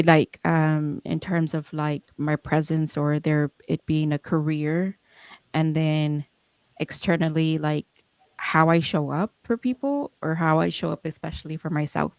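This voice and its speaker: A young woman hosts a podcast and looks back on her year in a low, raw voice. She rambles, restarts her sentences and swears freely, and the sound is close and dry. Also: steady tone, takes it slowly, no echo. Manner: emotional, rambling, with frequent restarts and fillers. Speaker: podcast founder and host. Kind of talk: reflective casual talk.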